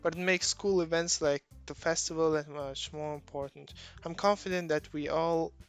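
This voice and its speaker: Picture a bright, friendly schoolgirl club president, upbeat and encouraging, as a man reads her lines. The voice sits a touch higher than average for a man and rolls its R's. Soft game music plays faintly behind it. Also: steady tone, normal speed, lightly acted. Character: cheerful teen girl club president.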